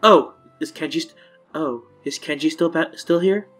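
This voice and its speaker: A man reading aloud the lines of a polite, gracious teenage schoolgirl in a soft-spoken way. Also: on the high side, normal speed, soft background music. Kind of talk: reading game dialogue aloud.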